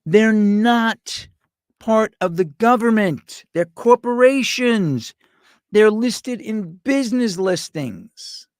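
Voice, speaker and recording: A man's voice: sits high, expressive, takes it slowly, no room sound, clean studio sound. A middle-aged man, hosting a show with a rambling, profane, sarcastic comedic rant. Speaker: podcast host.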